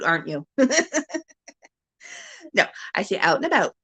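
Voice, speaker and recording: A woman's voice: medium pitch, animated, moderate pace, sharp tone, husky. A woman from Ontario with a Canadian accent, hosting a rambling, casual chat at home and laughing often. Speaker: livestream host. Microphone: camera on a stand.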